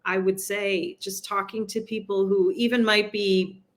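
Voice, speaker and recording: In a medium-pitched voice with little pitch movement, a New York City woman who is a city council candidate talks casually during an interview. She's chatty, tosses in fast asides, and laughs at the points she makes.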